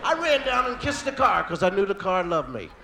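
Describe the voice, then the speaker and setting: Animated high-voiced male comedian telling a story. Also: fairly quick, slight background noise. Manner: animated, acts out voices with loud yells. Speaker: stand-up comedian.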